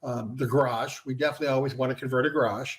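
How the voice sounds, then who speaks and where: A man, a franchise founder and guest, explaining his business in a casual interview and filling pauses with "you know". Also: medium pitch, steady tone. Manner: conversational, filler-heavy with frequent "you know".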